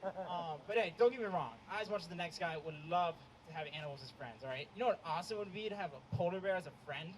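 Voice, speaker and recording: Young man, high voice, hesitant deadpan stand-up, outdoor show, noisy recording. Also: fast. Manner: hesitant, lots of ums, deadpan delivery. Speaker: stand-up comedian. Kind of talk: stand-up set.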